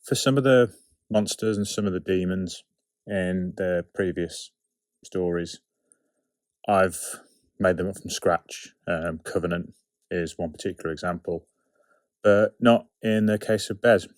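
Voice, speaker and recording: A man of around forty gives relaxed production commentary, asking himself questions and answering them with wry asides. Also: deep voice, measured pace, long pauses, no echo, clean studio sound. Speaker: writer and producer of an audio drama series. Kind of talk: behind-the-scenes production commentary.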